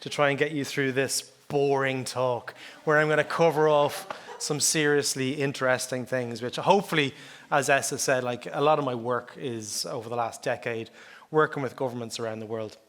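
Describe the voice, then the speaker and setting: A man's voice: mid-range voice, steady tone, moderate pace, a bit bright. A middle-aged Irish man giving a conference talk in a conversational way, often checking in with "okay?". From Ireland. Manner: conversational, chatty, often adds "okay?" and "like, you know". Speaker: conference speaker.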